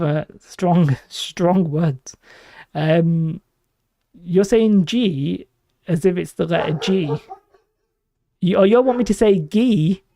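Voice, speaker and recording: A chatty man from northwest England with a Lancashire accent, talking casually to his viewers and reading out chat comments. His voice has a gravelly edge. He speaks into a desk mic in a small room at home, and the sound is dry and close. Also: high-pitched, dark tone, no room sound. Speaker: streamer. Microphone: desk microphone.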